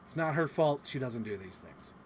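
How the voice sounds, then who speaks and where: A man hosting a casual talk show, telling a story in an animated, rambling way and swearing often. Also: medium pitch, moderate pace, a little hiss or hum. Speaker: podcast host. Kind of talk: casual chat recapping a convention.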